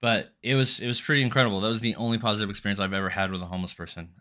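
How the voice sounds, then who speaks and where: A man's voice: lowish voice, racing. A man hosting a solo podcast, telling a story in a rambling, profane and exasperated way. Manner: animated, exasperated. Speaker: podcast host.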